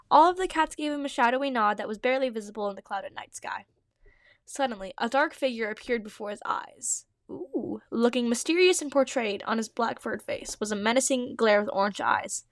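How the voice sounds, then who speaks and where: Woman, host, reading old fanfiction aloud, giggly self-mocking asides, fairly high voice, dry close sound. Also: animated, brisk, a bit bright, no echo. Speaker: podcast host.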